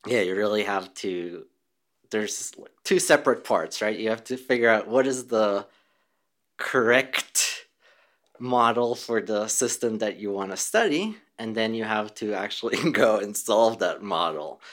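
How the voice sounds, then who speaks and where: Male researcher, low voice, considered answers, light laughs, easygoing restarts. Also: a little slow, fairly bright tone. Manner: thoughtful, with small laughs and restarts. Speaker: physicist and researcher. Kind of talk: conversational interview answers.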